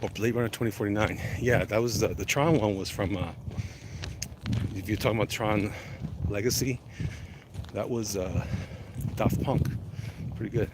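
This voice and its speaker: A man's voice: fairly low pitch, steady tone, moderate pace, long pauses, very noisy. A man chatting casually while walking outdoors in the cold, rambling and reading out viewer comments as he goes. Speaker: vlogger answering live chat. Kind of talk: casual walk-and-talk livestream chat.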